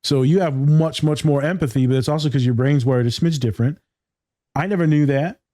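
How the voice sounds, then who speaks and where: Slangy, emphatic man with a mellow voice. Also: a little high, a little fast, no room sound, clean studio sound. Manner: emphatic and slangy, says "my guy", swears freely. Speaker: podcast host. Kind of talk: casual podcast chat.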